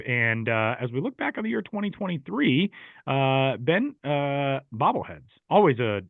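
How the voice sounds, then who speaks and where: A man's voice: mid-range voice, no room sound. A man hosting a podcast, chatting casually and animatedly with the other hosts. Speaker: podcast host. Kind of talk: casual chat. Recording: tinny phone-like line.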